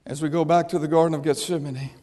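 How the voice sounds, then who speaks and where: A male preacher delivering an impassioned sermon that swings from shouts to hushed tones, with long hall reverb. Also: on the high side, fairly even intonation, fast.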